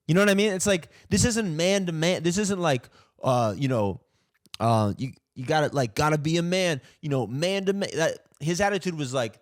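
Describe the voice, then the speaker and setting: A man's voice: fairly high pitch, fairly quick, no room sound, studio quality. Indignant, stammering male comedian ranting. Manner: stammering restarts, profane, indignant. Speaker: comedian and podcast host. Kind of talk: ranting comic monologue.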